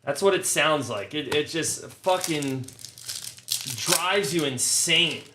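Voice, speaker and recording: A man's voice: on the high side, lively intonation, slow. A man hosting a casual card break who lists the hits and rants between them in a blunt, profane, sarcastic way. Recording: echoey room, faint noise. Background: crinkling card wrappers, clicks.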